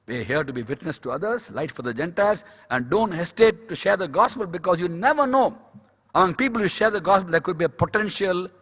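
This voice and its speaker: A man's voice: fairly high pitch, fairly bright tone, slightly rough. Man preaching in an echoing hall. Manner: storytelling, acts out dialogue, repeats key phrases. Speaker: speaker at a medical Christian conference. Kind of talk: devotional sermon. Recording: reverberant conference hall.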